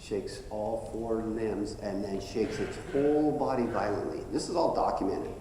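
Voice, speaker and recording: A man speaking to an event crowd, telling a personal story with lively, shifting delivery. His voice carries a strong echo and a long reverb tail from a large hall, with faint noise underneath. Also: normal speed. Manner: animated storyteller, voice jumps high when excited.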